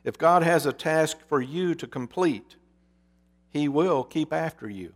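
Slow-speaking male preacher telling a parable. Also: on the high side, animated. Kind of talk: sermon with storytelling.

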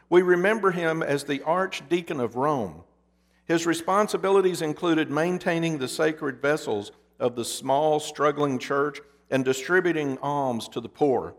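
A man preaching a sermon as pastor, moving between loud emphasis and hushed, dramatic pauses. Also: a little high. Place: church sanctuary. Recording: long reverb of a church hall.

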